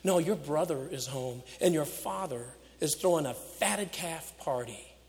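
A man's voice: fairly high pitch, measured pace, a little mellow. A man preaching, giving the plain, matter-of-fact words of a hired servant. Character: hired hand, a male servant, cheerful. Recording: echoey hall.

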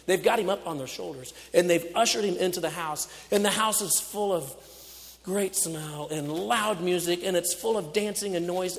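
A man preaching a storytelling sermon, swinging from loud to hushed and laughing off his own slips. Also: high-pitched, vocal fry. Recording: echoey hall.

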